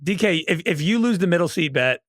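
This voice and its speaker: A man in his thirties co-hosting a sports podcast, playful and teasing. His voice sits a bit high and bright, with a lot of movement in the pitch. The recording is dry and close. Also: expressive, fast, dry recording. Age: 30s. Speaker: podcast co-host. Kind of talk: casual sports chat.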